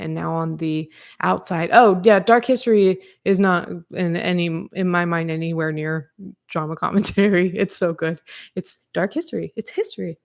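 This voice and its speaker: A woman's voice: fairly low pitch, creaky, a little mellow. A woman hosting a podcast livestream, rambling casually with lots of fillers and restarts, frank and sometimes swearing, answering her chat. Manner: talks to live chat readers. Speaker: podcast host.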